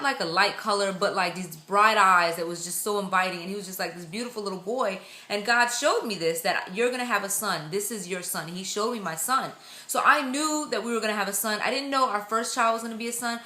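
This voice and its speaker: A young woman chatting excitedly in a casual vlog, acting out the lines of the people she quotes. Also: mid-range voice, echoey room. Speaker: vlogger. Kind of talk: casual pregnancy update vlog.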